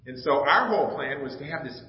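A man's voice: on the high side, expressive, fast, slight background noise. Middle-aged guy preaching, telling his own story and doing all the voices, echoey church sound a bit muffled. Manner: storytelling, acting out dialogue, emotional. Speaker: pastor. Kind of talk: personal testimony in a sermon. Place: church sanctuary. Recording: echoey, slightly dull church recording.

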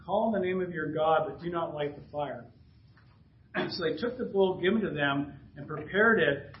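A man preaching a sermon and reading scripture aloud, clearing his throat often and dropping casual asides between passages. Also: a little high, moderate pace, reverberant, dull audio, a little hiss or hum. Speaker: pastor. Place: church sanctuary.

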